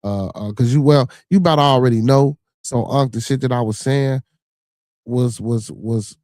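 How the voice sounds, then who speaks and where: A man hosting a casual livestream podcast, rambling and cursing, full of fillers and shout-outs to his viewers. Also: mid-range voice, moderate pace, no room sound, clean studio sound. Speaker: podcast host.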